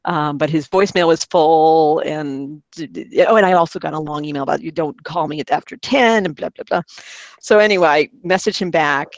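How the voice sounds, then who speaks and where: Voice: medium pitch, no room sound, dull audio. A podcast host telling a long rambling story in casual group chat, laughing often.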